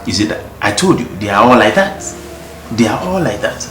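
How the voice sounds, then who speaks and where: A man's voice: on the low side, sing-song, a little fast. A man playing a soothing, teasing father. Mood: reassuring. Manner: soothing, repeats himself, teasing. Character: easygoing middle-aged father, joking about women. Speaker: father consoling his son. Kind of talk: Ghanaian movie acting. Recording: echoey room with background music.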